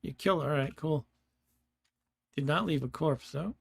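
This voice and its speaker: A man's voice: on the high side, moderate pace, creaky, husky, no room sound. Chatty man playing a game, dry sound. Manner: chatty, laughs often, thinks aloud. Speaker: gameplay streamer. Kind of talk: casual let's-play commentary.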